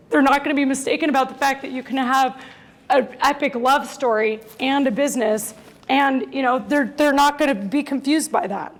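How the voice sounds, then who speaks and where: High-voiced woman telling a family story. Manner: emotional, laughs through tears, animated retelling of dialogue. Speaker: mother telling a personal story. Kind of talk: candid personal storytelling.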